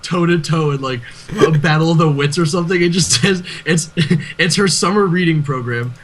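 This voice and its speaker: A man's voice: a little high, normal speed, rough recording. A young man co-hosting a podcast in casual chat, giggly and rambling with lots of restarts. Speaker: podcast co-host.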